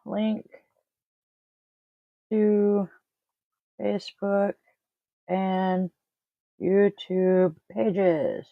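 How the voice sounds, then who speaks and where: A woman's voice: medium pitch, steady tone, extremely slow, vocal fry, long pauses, dry recording, phone-quality sound. A woman hosting a daily tarot and oracle card reading, talking casually with blunt swearing and rambling asides. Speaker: tarot reader and host. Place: home, family audible off-mic.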